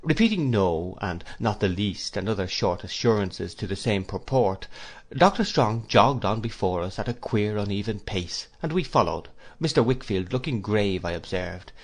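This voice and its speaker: A man narrating an audiobook in a measured storytelling manner. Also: fairly low pitch, lively intonation. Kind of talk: scripted narration.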